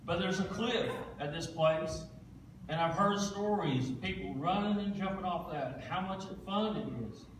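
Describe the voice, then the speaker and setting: A man's voice: high voice, normal speed, noisy background. A man, a guest speaker giving a plain-spoken, folksy testimony during a church service. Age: 40s. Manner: plain-spoken storytelling, folksy Southern phrasing. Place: church sanctuary. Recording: echoey church room, distant mic.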